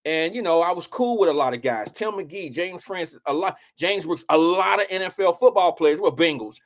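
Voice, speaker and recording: Male host, high voice, casual storyteller, salty and animated delivery. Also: normal speed. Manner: loose, profane, animated storytelling with slang. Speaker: show host telling a story.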